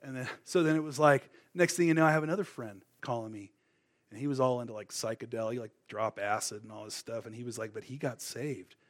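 A man's voice: mid-range voice, fairly quick. A middle-aged man preaching, telling his testimony in a casual, rambling way full of fillers and restarts. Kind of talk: sermon with personal testimony.

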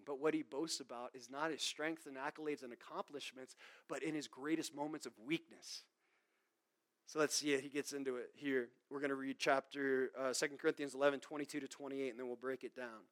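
A man preaching a sermon, swinging from loud, emphatic bursts to quiet asides, with mocking impressions of greedy preachers. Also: medium pitch, steady tone, brisk.

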